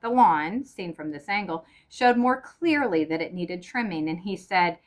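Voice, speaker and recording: Low-voiced woman reading a short story. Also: animated, a little slow, hardly any pauses. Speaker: narrator.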